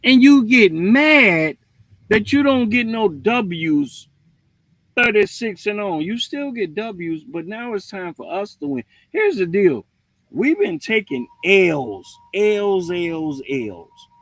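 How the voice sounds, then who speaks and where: A man's voice: sits high, slow pace, no echo. A man hosting a livestream, giving a casual, preachy rant with jokes. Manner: animated, preachy, joking. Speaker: livestream host.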